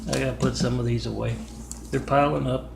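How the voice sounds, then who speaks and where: Gravelly-voiced man rambling on a vlog. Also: mid-range voice, fairly even intonation, fairly quick, a little hiss or hum. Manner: rambling, self-promoting, spells out web addresses. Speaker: artist vlogger.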